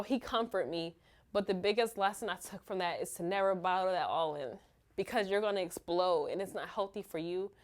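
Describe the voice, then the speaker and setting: A woman, a mother, candidly telling her own story in a halting, open way full of fillers. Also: mid-range voice. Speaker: mother sharing her experience.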